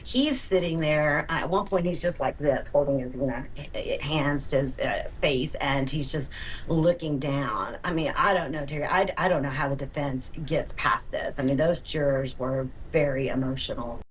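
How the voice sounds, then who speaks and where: A woman's voice: low-pitched, moderate pace. A woman commentator intensely retelling courtroom details. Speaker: trial commentator. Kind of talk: recounting courtroom audio. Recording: distant broadcast audio with faint background noise.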